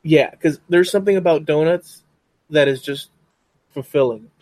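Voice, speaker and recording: A man's voice: fairly high pitch, normal speed, a little mellow, no room sound. A man hosting a podcast in casual chat, rambling and often saying frickin'. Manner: rambling, says frickin' a lot. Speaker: podcast host.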